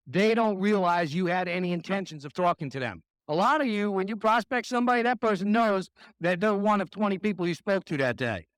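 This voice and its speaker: A man's voice: sits high, dry recording, poor audio. A man giving a sales training talk to an audience, speaking emphatically and directly, repeating his key points and asking the listeners rhetorical questions.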